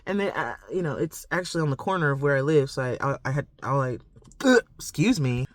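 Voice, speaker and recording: A woman's voice: low voice, animated, fairly quick, no echo. A woman vlogging a rambling, reflective monologue, full of "like" and "you know". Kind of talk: confessional casual monologue to camera.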